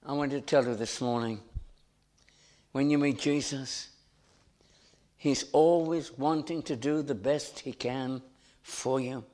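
A man preaching a sermon in an earnest, deliberate way, lifting his voice for emphasis. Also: medium pitch, steady tone, a little mellow.

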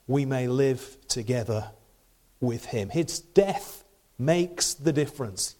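A man's voice: mid-range voice, a little mellow. A middle-aged man giving a sermon in a conversational way, with rhetorical questions and frequent restarts. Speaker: preacher.

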